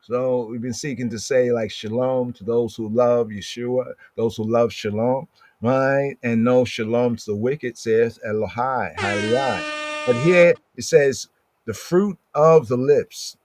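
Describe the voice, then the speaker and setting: A man's voice: mid-range voice, a little mellow, dry recording. Man teaching scripture, dry close sound. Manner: conversational, keeps asking "right?", reads verses aloud slowly. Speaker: Bible teacher.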